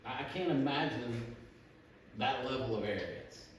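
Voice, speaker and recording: A man preaching in a church, his voice picked up from a distance so that it rings with heavy echo and a steady noise underneath. He talks in a casual, halting way, restarting phrases as he goes. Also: medium pitch. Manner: informal, frequent restarts and fillers. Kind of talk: conversational sermon. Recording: very echoey room, distant mic, background noise.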